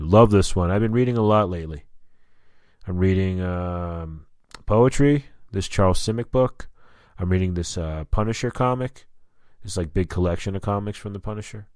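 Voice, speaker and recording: A man's voice: fairly low pitch, darkish tone, no echo. A man hosting a casual solo podcast, talking in a rambling, candid way and swearing often. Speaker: podcast host. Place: lives in Albuquerque.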